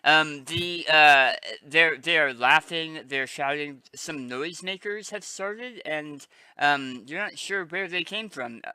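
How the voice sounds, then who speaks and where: A man narrating a tabletop game as game master, halting with many fillers. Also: fairly high pitch, bright, forceful tone, smooth, dry recording.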